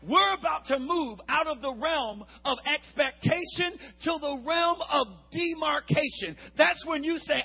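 A man preaching a lively, humorous sermon, acting out the Bible characters and swinging between shouts and hushed asides. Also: very high voice, a little slow, gravelly, hardly any pauses, muffled recording.

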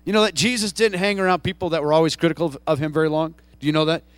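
Male pastor, middle-aged, high-pitched, fervent sermon delivery, dry recording. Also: fairly even intonation, very fast, clean tone, no echo. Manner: impassioned preaching, swings from soft to loud.

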